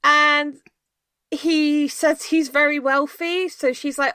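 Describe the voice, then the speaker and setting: A woman's voice: sits high, unhurried, bright, forceful tone, no room sound. A woman co-hosting a podcast, casually summing up a film's story with plenty of ums. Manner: chatty, plenty of ums, laughs easily. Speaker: podcast co-host. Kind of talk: casual film discussion.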